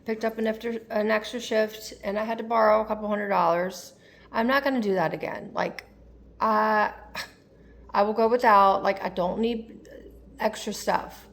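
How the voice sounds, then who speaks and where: Gravelly-voiced woman rambling confessionally. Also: mid-range voice, fairly even intonation, normal speed, a bit bright, slight background noise. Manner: rambling, confessional, many fillers. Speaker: tarot vlogger. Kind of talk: candid personal vlog.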